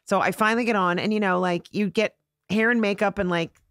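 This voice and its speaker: A woman's voice: medium pitch, a little fast, no echo, studio quality. A woman comedian telling a story in casual podcast chat, acting out the voices of the people in it. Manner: animated, acts out voices in her stories. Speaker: guest comedian. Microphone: podcast studio mic.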